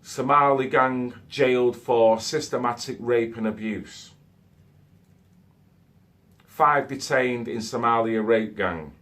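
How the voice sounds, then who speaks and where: A man's voice: medium pitch, slow pace, pauses often, a bit bright. A man, talking in a loose, conversational monologue and adding "okay?" and "so to speak" as he goes. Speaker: vlogger. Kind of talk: casual monologue to camera.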